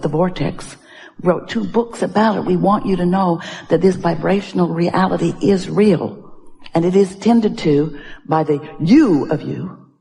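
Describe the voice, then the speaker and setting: A woman giving a channeled inspirational talk to an audience, speaking as "we" with emphatic repetition and drawn-out exclamations. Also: fairly low pitch, gravelly, warm tone, in a large hall. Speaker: spiritual speaker addressing an audience.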